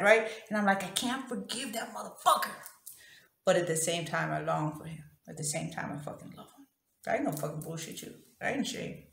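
This is a woman speaking in a somewhat low register, pouring out a personal story with frank profanity and no filter. Her confessional delivery sounds raw and open, and the room around her rings with echo. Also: gravelly. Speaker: vlogger.

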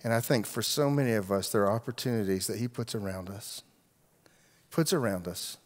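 A middle-aged man preaching a sermon, telling a story from his own life and moving between loud, emphatic peaks and hushed, quiet asides. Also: fairly low pitch, a little fast. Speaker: pastor. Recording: long hall reverb.

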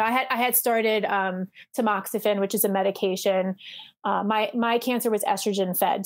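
A woman's voice: mid-range voice, a little mellow. A middle-aged woman speaking as a podcast guest, telling her story candidly and animatedly, acting out the voices she quotes, with frequent fillers.

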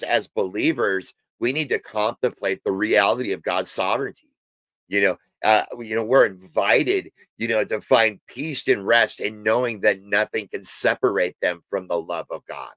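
A man's voice: on the low side, a bit bright, no echo. A man teaching on a Bible passage in a casual, rambling way, full of fillers and restarts, sometimes emphatic. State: has hiccups. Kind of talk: informal spoken Bible teaching.

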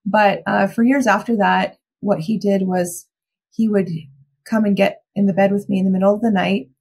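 A woman's voice: mid-range voice, steady tone, normal speed, creaky, a little mellow, slightly rough. A young adult woman giving a candid, reflective personal account as a guest in a podcast interview.

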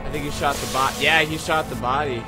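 A man's voice: mid-range voice, steady tone, fairly quick. A young man commenting on a video game as he plays, sarcastic and joking, with sudden exclamations. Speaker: let's play host. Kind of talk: gameplay commentary. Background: loud game music.

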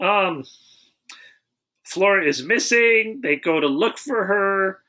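A man co-hosting a podcast, recapping a film plot in casual chat with wry, deadpan quips. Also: high-pitched, slow pace. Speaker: podcast co-host.

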